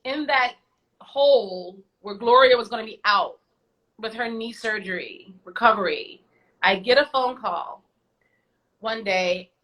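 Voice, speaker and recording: A woman guest on an online show, telling her stories in a lively, chatty way. She acts out the voices of the people in them and drops in slangy asides. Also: on the high side, unhurried, low-quality recording. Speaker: guest singer. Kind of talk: casual storytelling. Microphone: video call.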